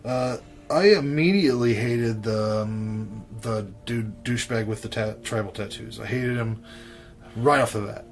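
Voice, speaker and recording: A man's voice: fairly low pitch, a little slow, faint music behind. A man co-hosting a podcast in casual chat, blunt and profane, laid-back, with many fillers. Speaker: podcast co-host reviewing horror films.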